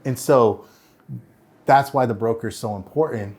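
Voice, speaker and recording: A man's voice: mid-range voice, moderate pace, a little mellow, husky. A man being interviewed as a real estate broker, telling stories earnestly and acting out what others said. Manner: earnest storytelling, acts out quoted voices. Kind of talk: interview answers.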